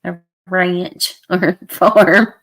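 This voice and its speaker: A hoarse middle-aged woman, hosting a casual livestream chat with viewers and laughing often. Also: lowish voice, very slow, a bit bright. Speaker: livestream host.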